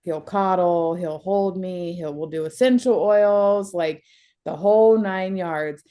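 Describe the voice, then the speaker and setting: Woman, young adult, counseling client, emotional, laughs a lot, blunt, somewhat low pitch, warm tone. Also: slow. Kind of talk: candid counseling conversation.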